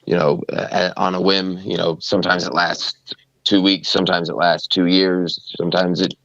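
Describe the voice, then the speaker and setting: A very deep, gravelly man rambling through a story on a podcast, filling gaps with "you know" and "um". His voice is dry and close, slightly dull and lo-fi. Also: little pitch movement, normal speed, fairly bright tone, dry recording. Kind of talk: casual podcast chat.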